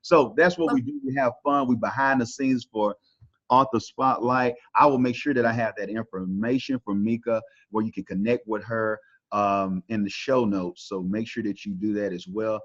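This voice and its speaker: A man's voice: on the low side, fairly even intonation, moderate pace, fairly bright tone. A man with a Texan accent hosting a podcast interview, talking in a loose, folksy, upbeat way with plenty of fillers. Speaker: podcast host. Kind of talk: casual interview talk. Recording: dull lo-fi audio.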